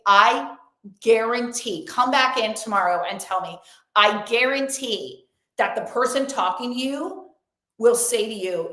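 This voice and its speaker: A woman's voice: on the high side, animated, normal speed, bright, forceful tone. A young adult woman hosting a live-streamed motivational event as a coach, talking emphatically and effusively and repeating affirmations. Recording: roomy echo.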